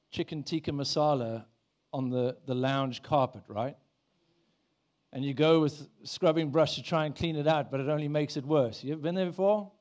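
A man's voice: fairly high pitch, a little mellow. A man preaching a sermon in church, talking in a conversational way, with many restarts and prayers he acts out in the first person. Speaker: pastor.

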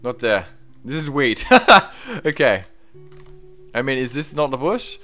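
A young man streaming a game, chatting casually, reading viewer comments aloud and breaking into excited exclamations. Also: mid-range voice, slow pace, soft background music. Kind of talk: live-stream gameplay commentary.

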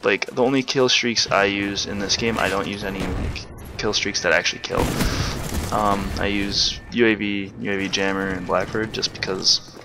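A young man giving rambling, excitable live commentary while playing a shooter game. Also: lowish voice, normal speed, noisy background. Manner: chatty, rambling, excitable bursts. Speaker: gamer doing live commentary. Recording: game gunfire loud in background. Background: gunfire and game sounds.

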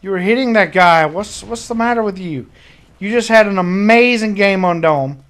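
High-voiced man in frustrated game commentary. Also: normal speed, fairly bright tone. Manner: frustrated, swearing, outbursts. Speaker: gaming commentator. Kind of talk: live gameplay commentary.

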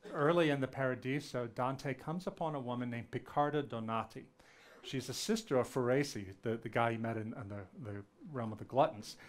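Earnest man giving a storytelling lecture. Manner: earnest, retells dialogue with lively shifts in pitch. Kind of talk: public lecture with personal storytelling. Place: lecture event before an audience.

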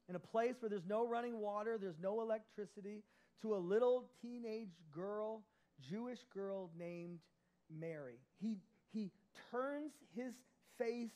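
A man preaching a sermon as lead pastor, animated, moving between loud emphasis and soft, close passages. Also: high voice, rough recording. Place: church.

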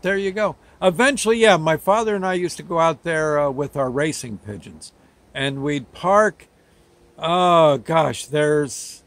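A man from New Jersey telling a childhood memory in a folksy, rambling storytelling way. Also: fairly high pitch. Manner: folksy, rambling, with plain homespun words. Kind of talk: casual spoken storytelling.

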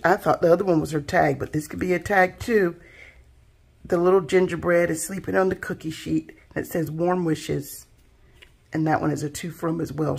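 A woman's voice: deep voice, gravelly, breathy edge. A woman hosting a craft channel, chatting casually and admiringly as she unboxes handmade gifts. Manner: soft-spoken, gushing, admiring.

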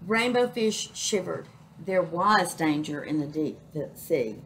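Slow, expressive woman reading a children's story. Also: lowish voice, slight background noise, rough recording. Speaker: children's librarian reading aloud. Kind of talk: children's story read-aloud.

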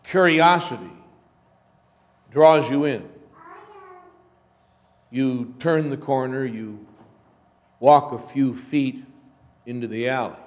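A man preaching a sermon as pastor, telling a story in a slow, measured way. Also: medium pitch. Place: church sanctuary. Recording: long church reverb.

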